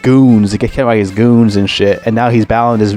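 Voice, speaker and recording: A man's voice: lowish voice, fairly even intonation, a little fast, darkish tone, faint music behind. A man giving a casual, profane movie review, rambling and complaining in an exasperated way.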